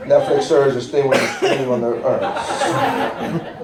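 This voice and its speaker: A man in his thirties doing a live stand-up set on a cruise ship stage, animated, tossing "right?" to the crowd. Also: mid-range voice, unhurried, heavy background noise. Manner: animated, rhetorical "right?" asides. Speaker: stand-up comedian. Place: cruise ship theater, audience laughing. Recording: echoey theater from far off. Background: crowd laughter.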